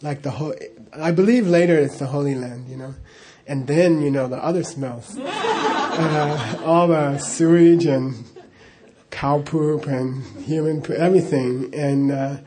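Middle-aged man, fairly high and warm voice, loose chatty storyteller who keeps chuckling. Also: animated, a little slow. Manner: rambling, chuckling, full of "you know" asides. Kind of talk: casual spoken anecdote.

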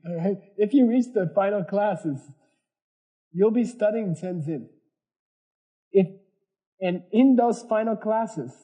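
A man's voice: sits high, warm tone, breathy edge. A man giving a Buddhist teaching to a class, explaining earnestly with everyday examples and often checking in with questions like "okay?". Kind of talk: dharma lecture to a class.

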